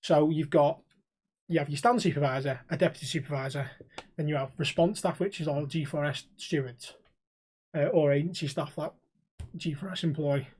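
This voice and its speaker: A man's voice: fairly high pitch, moderate pace, darkish tone, breathy edge. A young man, co-hosting a podcast and telling stories in casual chat, swearing freely and acting out the people in them. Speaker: podcast co-host.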